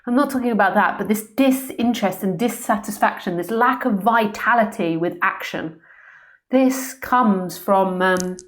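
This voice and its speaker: Earnest woman giving a spiritual talk. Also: mid-range voice. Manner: earnest, searching, with pauses and ums. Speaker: spiritual teacher. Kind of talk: live-streamed spiritual talk. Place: room at home.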